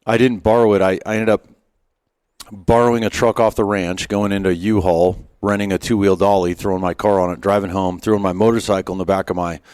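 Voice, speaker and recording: With a deep, level, darkish, and smooth voice, a middle-aged ex-Marine sniper speaks briskly as a podcast guest, recorded at studio quality without room sound. In a relaxed interview set on a wilderness hunting trip, he shares self-mocking stories and frequently starts sentences over.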